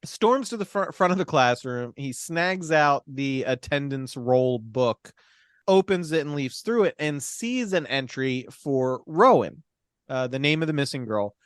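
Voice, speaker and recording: This podcast co-host walks through a movie's story in a lively, profane way, voicing the characters and laughing often. He has a clear, resonant mid-range voice and a measured pace, recorded dry in studio quality.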